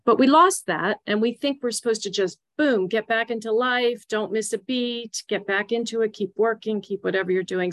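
A woman guest on a podcast interview, explaining grief support in an earnest, gently instructive way. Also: mid-range voice. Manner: earnest, gently instructive, repeats key phrases. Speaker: grief guide.

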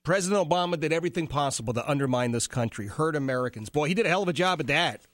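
A man hosting an opinionated talk show, giving animated, sarcastic commentary. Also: fairly high pitch, very fast, no echo. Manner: animated, sarcastic, mimics people he quotes.

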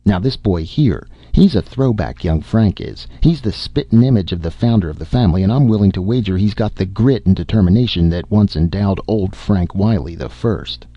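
A man reading the part of a gruff, teasing family doctor with folksy speech, in a deep voice. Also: lively intonation, moderate pace, few pauses, dark tone, no echo, dull audio.

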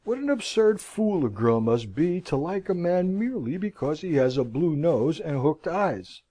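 A lovesick young girl, proud and impulsive, pouring out self-mocking outbursts, as a male audiobook reader gives her lines. The voice sits a little high with a lively, swooping melody, yet keeps a dark, mellow tone. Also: moderate pace, slightly rough, poor audio. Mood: self-scorning. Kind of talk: audiobook reading.

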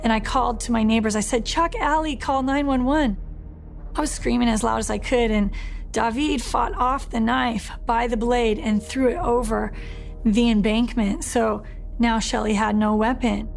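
Gravelly woman recounting an ordeal. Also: fairly high pitch, flat delivery, normal speed, soft background music. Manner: earnest, reliving events, with plain spoken retelling. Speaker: survivor telling her story. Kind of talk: documentary interview testimony.

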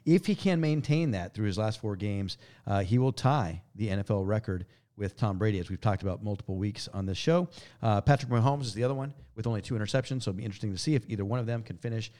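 A man with a slightly low voice hosting a football talk show at a fast pace. He moves briskly through numbers and keeps the segment rolling. His delivery is casual and businesslike. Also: dark tone. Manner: brisk, stat-heavy, moves the show along. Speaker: sports podcast host. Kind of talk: casual sports chat, running the segment.

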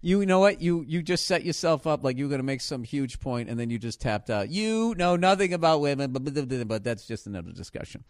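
A middle-aged man hosting a podcast at home, telling stories in a loud, profane, animated way. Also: medium pitch, a little fast, hardly any pauses, no echo, clean studio sound. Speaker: podcast host. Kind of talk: casual rambling comedy chat.

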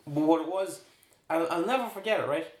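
A man's voice: a little high, brisk. A man in his thirties with an Irish accent, telling profane, rambling anecdotes in casual chat as a podcast co-host. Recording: roomy echo.

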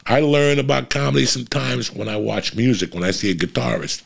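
A man's voice: mid-range voice, fairly even intonation, brisk. A middle-aged man, a comedian hosting his own podcast, giving a blunt, profane motivational monologue. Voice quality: gravelly. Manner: blunt, profane, fired-up ranting.

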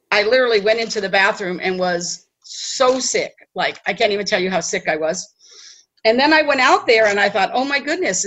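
Chatty storytelling woman, higher voice. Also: rough recording. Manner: chatty, animated, tag questions. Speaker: host. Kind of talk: storytelling talk.

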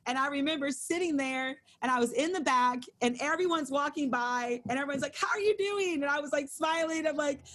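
Woman in her 30s on a video call, kinda high voice, telling a faith story and acting out what she was thinking. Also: brisk, hardly any pauses. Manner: animated, acts out her own inner thoughts in quotes. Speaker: Bible study co-leader. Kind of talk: casual testimony storytelling.

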